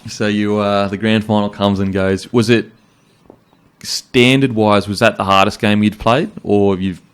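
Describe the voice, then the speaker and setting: A man's voice: lowish voice, steady tone, unhurried, clean tone. A man hosting a casual podcast interview, talking bluntly with lots of "like" and the odd swear word. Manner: blunt, says like a lot, swears. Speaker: podcast host.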